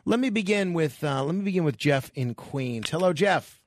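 A man hosting a radio talk show, brisk and upbeat as he runs the interview and calls. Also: on the high side, animated, dry recording. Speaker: radio host. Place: radio studio. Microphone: studio microphone.

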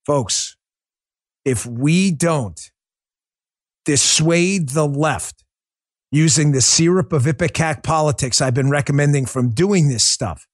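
A man hosting a livestreamed political commentary show, talking in a combative, sarcastic rant. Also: fairly high pitch. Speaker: political talk show host.

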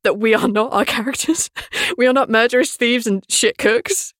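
A woman's voice: on the high side, moderate pace, fairly bright tone, no room sound, clean studio sound. A woman who runs a tabletop game, chatting frankly on a podcast, swearing freely and laughing often. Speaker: dungeon master. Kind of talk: casual podcast chat.

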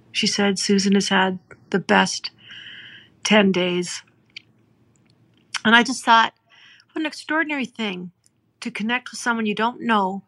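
Gravelly heartfelt woman storyteller. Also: mid-range voice, fairly bright tone. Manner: heartfelt, conversational, tells with quoted dialogue. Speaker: podcast host. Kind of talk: emotional storytelling.

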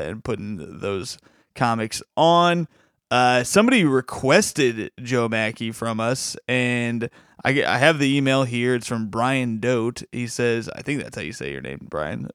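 A man's voice: mid-range voice, animated, normal speed, fairly bright tone, clear, resonant tone, dry recording, clean studio sound. A man co-hosting a podcast, talking casually and enthusiastically, rambling with frequent restarts. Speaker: podcast co-host.

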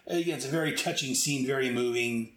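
A man's voice: mid-range voice, fairly quick, fairly bright tone. A man casually reviewing a comic book, rambling with frequent restarts and asides. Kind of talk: casual commentary. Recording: echoey room.

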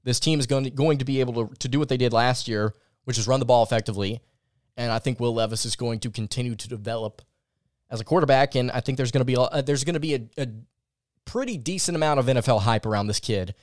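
A man's voice: medium pitch, quick pace, darkish tone, dry recording. A man hosting a sports podcast in casual, opinionated talk, close to the mic. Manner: chatty, opinionated and self-deprecating. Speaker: podcast host.

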